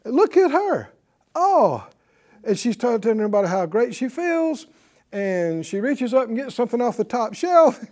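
A Bible teacher giving a broadcast lesson in an animated, conversational way, asking the audience questions and chuckling while teaching. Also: mid-range voice, normal speed.

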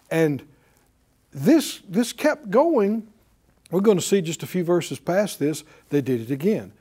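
A man's voice: fairly high pitch, warm tone. A man teaching a sermon in a conversational way, asking his listeners questions and chuckling often. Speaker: preacher.

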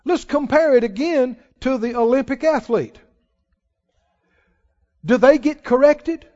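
A man with a very high voice preaches a sermon at an unhurried, deliberate pace, pressing his congregation with questions. The recording is dull and lo-fi. His voice rings out with a long hall reverb. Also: darkish tone. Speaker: pastor.

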